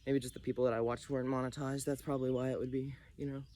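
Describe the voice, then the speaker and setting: A man chats into his phone out in a rural backyard, rambling from one thought to the next with a self-deprecating streak. His middle-pitched voice carries a slight breathlessness from moving the whole time. Birds and faint outdoor sounds sit quietly behind him. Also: little pitch movement, racing, a little hiss or hum. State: slightly out of breath from hula hooping. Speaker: vlogger. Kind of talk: rambling casual monologue. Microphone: phone camera.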